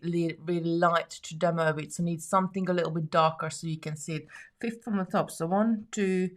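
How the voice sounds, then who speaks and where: A woman's voice: fairly low pitch, fairly bright tone. A woman hosting a live jewellery-making stream, chatting casually, reading viewer comments aloud and laughing often.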